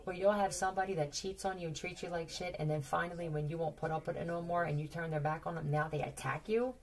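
A woman with a gravelly, slightly low voice talks through a tarot reading in a loose, rambling way. She is blunt and profane, doubles back on her words and keeps throwing questions at the listener. A faint hiss sits under the recording. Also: steady tone, fast talker, darkish tone, recorded from a distance. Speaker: tarot reader. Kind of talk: casual tarot reading to camera.

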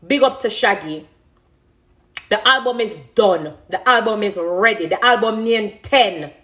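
A woman's voice: medium pitch, measured pace, fairly bright tone. A middle-aged woman with a Jamaican accent, talking passionately and emphatically in an interview about her music. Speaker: dancehall artist. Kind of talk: emotional interview talk.

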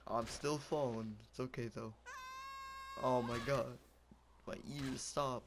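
With fairly even intonation and an unhurried pace, a medium-pitched young man gives casual commentary on a game amid background noise. His remarks are goofy and rambling, broken up by yelps and laughs.

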